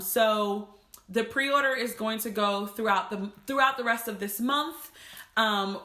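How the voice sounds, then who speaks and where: Bright-voiced woman vlogging in an echoey room. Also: mid-range voice. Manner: emotional, laughing, fighting tears. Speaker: planner maker and content creator. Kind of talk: casual vlog talk to viewers.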